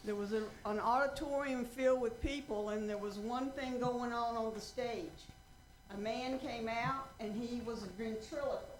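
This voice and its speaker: Seventies woman from North Carolina, folksy and earnest at the podium, a touch high, echoing chamber with faint hiss. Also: fairly even intonation. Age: 70s. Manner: folksy, earnest, slow emphatic appeals. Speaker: public commenter. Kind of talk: prepared public comment with a joke. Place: council chamber. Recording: roomy council chamber.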